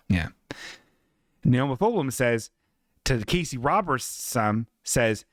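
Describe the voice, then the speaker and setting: Slow and prone to frequent pauses, this man's medium-pitched voice swings widely as he jokes through chat messages on his live podcast, cursing freely and mimicking the people he quotes in silly voices. The studio recording is echo-free.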